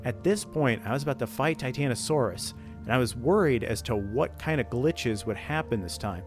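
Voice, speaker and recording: Man, casual story reader, mid pitch, faint music underneath. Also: animated, normal speed. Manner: reads steadily, breaks off to joke and laugh. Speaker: channel host reading creepypasta. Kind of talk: casual read-aloud of a horror story.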